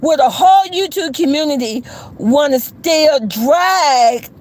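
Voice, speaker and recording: A woman, chatting with livestream viewers and telling stories in a lively way, laughing often. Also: high voice, slow pace, low-quality recording. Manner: animated, chatty, laughs often, addresses viewers as "you guys". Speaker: YouTuber on a livestream. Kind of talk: casual livestream storytelling to viewers.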